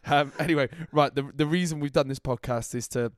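Young male podcast co-host, hungover, rambling with laughs, mid-pitched voice, dry recording. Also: brisk, no echo. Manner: rambling, laughing, self-correcting. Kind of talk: casual chat. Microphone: handheld mic.

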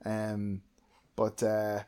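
A man's voice: lowish voice, very slow, clean tone. Rambling young man, casual chat. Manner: rambling, filler-heavy, animated. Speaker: podcast co-host.

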